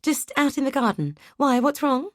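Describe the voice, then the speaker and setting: A flustered, breathless spouse, pleading and defensive, with the voice pitched well up as a woman puts it on for an audiobook. The sound is close and dry. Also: lively intonation, normal speed, dry recording. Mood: puzzled.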